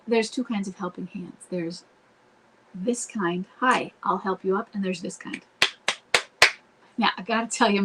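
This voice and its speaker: A woman's voice: medium pitch, slight background noise, low-quality recording. A woman coaching spouses in a live online Q&A, talking earnestly and directly and breaking off to act out what to say. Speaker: marriage coach answering viewer questions. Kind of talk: live Q&A advice talk. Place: home, streamed live online.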